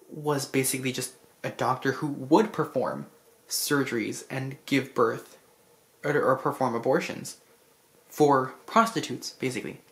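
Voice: medium pitch, fairly bright tone. Rambling, effusive movie fan vlogger. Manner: rambling, effusive storytelling with many restarts; emotional about the story. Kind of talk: casual movie recap.

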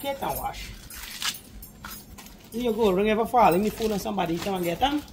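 Brisk and animated, this vlogger speaks in a mid-range voice with a Guyanese Creole accent, making casual cooking chat with viewers as she prepares food for guests at a backyard cookout. She also coaxes a small child, and background noise can be heard.

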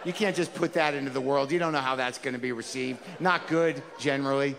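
A man's voice: mid-range voice, a little fast, vocal fry, long reverb tail, noisy background. A man performing a stand-up comedy set, talking conversationally and ranting in mock exasperation.

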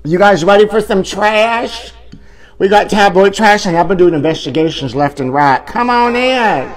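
A man's voice: high-pitched, normal speed. A man hosting a campy live tabloid chat show, flamboyant and exclamatory, hamming it up as a mock-country cowboy host.

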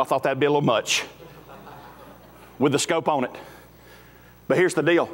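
A man, preaching a sermon as pastor in a folksy, emphatic way. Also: fairly high pitch. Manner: folksy, emphatic, rising to shouts at climaxes. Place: church sanctuary. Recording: echoey hall with faint music.

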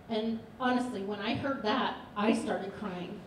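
High-voiced woman doing stand-up in an echoey theater. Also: lively intonation, measured pace, a little hiss or hum. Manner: chatty, dry storytelling delivery. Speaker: stand-up comedian. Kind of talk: live stand-up set. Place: comedy theater stage with audience. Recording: echoey theater, distant mic, loud crowd laughter. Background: audience laughter.

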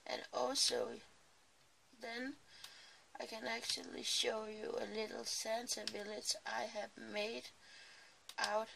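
Woman, crafting vlogger, bright gravelly voice, sleepy rambling chat, small home craft room. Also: fairly high pitch, slow pace, long pauses, a little hiss or hum. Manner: chatty, rambling, apologetic asides. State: sleepy, early morning. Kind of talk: casual chat while crafting.

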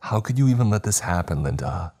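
A man's voice: on the low side, expressive, moderate pace, vocal fry, darkish tone, soft background music, voice pushed up. A man voicing a short-tempered young man who snaps urgently at his friends. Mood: angry. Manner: snapping, urgent.

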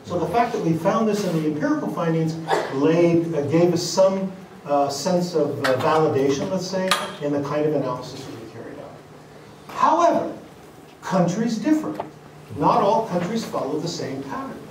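Male conference lecturer, slightly high voice, deliberate delivery with fillers, recorded from a distance in a reverberant hall. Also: expressive, background noise. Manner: deliberate, with frequent fillers and restarts. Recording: echoey hall, mic at a distance, faint ambience.

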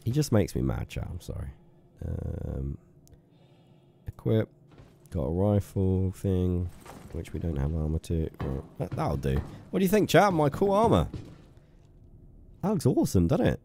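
This young streamer's low, warm voice is sing-song and a little slow, with vocal fry and frequent pauses. He gives playful live commentary on his game, talking to viewers and scolding an in-game character, over slight background noise.

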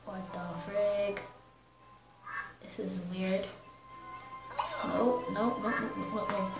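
A woman's voice: medium pitch, steady tone, slow pace, gravelly, pauses often, reverberant, music in the background, low-quality recording. Slangy woman chatting over a game. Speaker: gamer. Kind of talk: casual game commentary.

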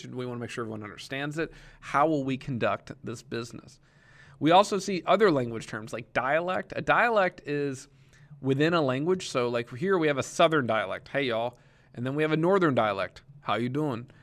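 A young male teacher explains his subject in a relaxed, conversational lecture. His voice sits at an ordinary middle pitch, and he often stops with fillers and restarts his sentences as he works through each point. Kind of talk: recorded classroom lecture.

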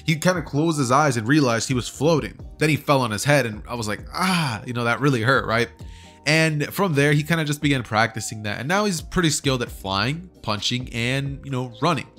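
A man's voice: medium pitch, animated, brisk, fairly bright tone, faint music behind. A man casually telling a fan story, chatty and slangy, often checking in with his listeners. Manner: chatty, slangy, keeps asking "right?". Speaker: YouTuber.

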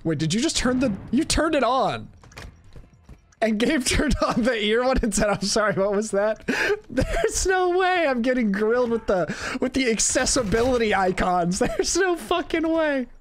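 Lively, teasing male gaming streamer. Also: very high-pitched, normal speed. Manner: excitable, swearing, teasing banter. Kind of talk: live game stream chatter.

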